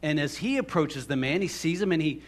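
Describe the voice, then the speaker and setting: Man, pastor, slightly high voice, chatty rambling sermon, lots of restarts. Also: expressive, a little fast. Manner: rambling, conversational with many restarts and fillers. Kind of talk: casual storytelling sermon.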